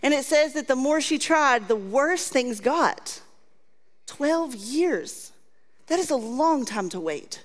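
A woman with a high voice preaches a sermon in an earnest, repeating cadence, slipping into casual asides between scripture passages. Her voice rings out with a long hall reverb around it. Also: lively intonation, takes it slowly. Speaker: pastor.

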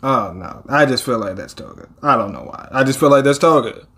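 A man's voice: mid-range voice, expressive, a little fast, a bit bright. A man hosting a casual manga reaction, reading panels aloud and reacting with laughs and swearing.

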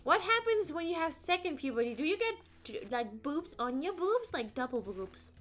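A woman's voice: high-pitched, sing-song, moderate pace, fairly bright tone, faint music behind. A woman streamer chatting playfully and rambling as she plays, often singing little ditties to herself. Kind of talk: casual gameplay chat.

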